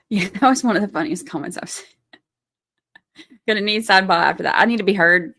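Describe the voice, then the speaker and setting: A woman's voice: mid-range voice, gravelly, sharp tone. A woman hosting a casual livestream, chatting with her viewers, laughing often and drawing out her interjections. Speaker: livestream host.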